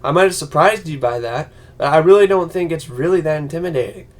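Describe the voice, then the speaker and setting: A man vlogging an angry, profane movie rant, yelling and mocking other people's voices. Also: a little high, lively intonation, quick pace.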